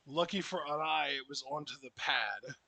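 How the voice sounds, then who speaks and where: Bright, dry-sounding man calling wrestling. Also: on the high side, normal speed, no room sound. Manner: playful, laughing, calls the action. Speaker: co-host reacting to wrestling. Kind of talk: live reaction commentary.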